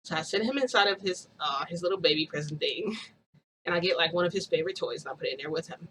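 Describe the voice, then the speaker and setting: Woman vlogger, casual storytelling, bright and forceful tone, rambly with fillers, faint noise underneath. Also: lowish voice, quick pace, rough recording. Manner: rambling, laughs often, many fillers.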